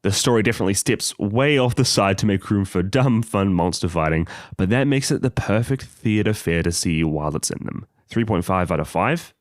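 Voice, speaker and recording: Deep voiced guy cohosting a podcast, playful and giggly, dry close mic. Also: lively intonation, a little fast, hardly any pauses, no room sound. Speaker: podcast co-host. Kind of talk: casual chat.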